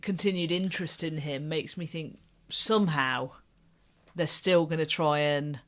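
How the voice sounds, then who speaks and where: A woman's voice: low voice, unhurried, a bit bright. A woman co-hosting a podcast, chatting casually about a TV show and laughing often. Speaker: podcast co-host. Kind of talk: casual TV review chat.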